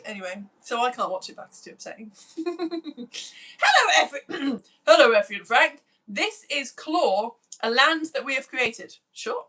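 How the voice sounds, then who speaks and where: A woman's voice: sits high, big pitch swings, a little slow, sharp tone. A woman in her thirties, a teacher, chatting on a live stream and greeting children by name in a bubbly, self-mocking way. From United Kingdom. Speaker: teacher reading out viewer messages.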